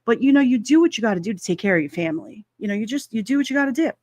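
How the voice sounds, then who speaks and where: A woman's voice: fairly high pitch, expressive, rapid-fire, darkish tone, no echo. A woman in her forties hosting a casual chat stream, rambling and chatty with plenty of fillers and laughter. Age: 40s. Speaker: livestream host.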